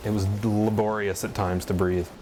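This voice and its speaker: Man, documentary interview, lowish voice, casual storytelling, faint background hum. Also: normal speed. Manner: animated storytelling with laughs. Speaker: former coworker interviewee.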